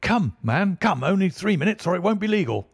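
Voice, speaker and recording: A man voicing a frantic young lawyer who shouts urgent commands in a storybook reading. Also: high voice, sing-song, brisk, slightly rough, no echo, studio quality, voice pushed up, exaggerated voice.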